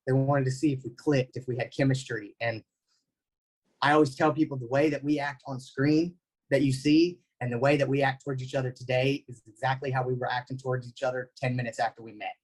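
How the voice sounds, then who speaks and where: A man, giving an animated storytelling talk as a guest speaker over a video call. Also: medium pitch, brisk, rough recording. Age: 20s. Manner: animated, anecdotal.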